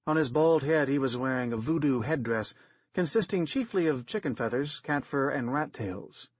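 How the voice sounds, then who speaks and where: A man narrating an audiobook in a steady, wry storytelling manner, in a dry, slightly dull recording. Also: mid-range voice, normal speed, no echo.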